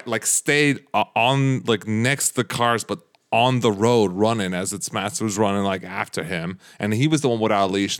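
A man's voice: fairly low pitch, a bit bright. A man chatting casually before a tabletop game, rambling through a story, swearing a lot and laughing often.

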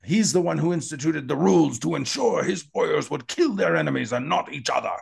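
A man's voice: a little high, lively intonation, a little fast, creaky, breathy edge, voice pushed up, exaggerated voice. A man voicing a proud, formal male Klingon elder with a grave, declaiming delivery.

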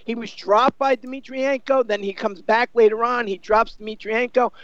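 Guy with a high gravelly voice rambling about fights, muffled dull sound. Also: fairly even intonation, moderate pace, a bit bright, no echo. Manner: rambling, filler-heavy with many you-knows. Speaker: boxing analyst. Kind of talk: casual sports discussion.

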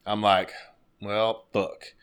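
A man telling a story in casual, profane chat, animated and laughing as he goes. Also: lowish voice, very slow, clear, resonant tone.

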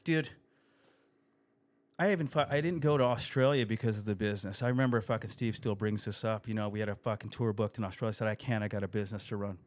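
A man as a podcast guest, swearing constantly in animated, casual storytelling. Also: fairly low pitch, fast talker. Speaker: guest musician.

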